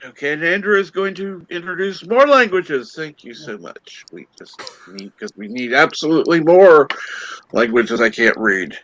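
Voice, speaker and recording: A man's voice: a little high, animated, normal speed, a bit bright, lo-fi sound. A man hosting a casual group livestream chat, hesitant and flustered, with many fillers. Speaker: livestream host.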